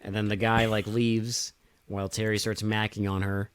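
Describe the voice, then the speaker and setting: A man's voice: fairly low pitch, level tone, normal speed, smooth, no room sound. A man co-hosting a podcast, casually recapping a movie in a blunt, profane and mocking way. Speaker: podcast co-host.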